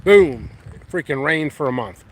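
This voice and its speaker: A man's voice: on the high side, expressive, measured pace. A man hosting a casual walking vlog in his windy backyard, rambling easily and thinking aloud. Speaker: pepper grower and channel host. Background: light wind and outdoor noise.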